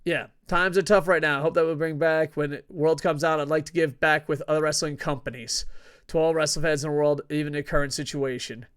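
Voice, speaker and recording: A man's voice: a little high, fairly even intonation, fairly quick, a bit bright, clean tone. A young man hosting combat sports news as casual commentary, swearing a lot, ranting and often laughing. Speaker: wrestling news host. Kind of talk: casual commentary reading headlines.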